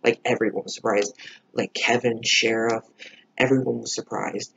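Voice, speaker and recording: A man's voice: on the low side, little pitch movement, moderate pace, vocal fry, a bit bright, husky, highs cut off. A man reviewing a TV episode in a casual vlog, rambling with lots of "like" and frequent swearing.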